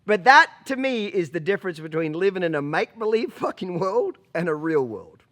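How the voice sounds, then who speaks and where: A man's voice: sits high, big pitch swings, brisk, fairly bright tone. Blunt, profane male horse trainer. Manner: blunt and profane, keeps asking "okay?". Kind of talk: casual monologue to camera.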